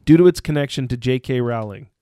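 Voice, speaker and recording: A man's voice: medium pitch, quick pace, mellow, clean tone, no room sound. A man co-hosting a casual podcast who reads the news segments and throws in dry, sarcastic jokes. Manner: dry, sarcastic, joking asides. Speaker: podcast co-host.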